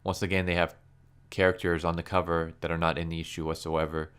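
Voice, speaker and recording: Low, smooth-voiced sarcastic man. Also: flat delivery, fast talker, fairly bright tone. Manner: sarcastic, exasperated. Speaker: comic book reviewer. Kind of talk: casual commentary.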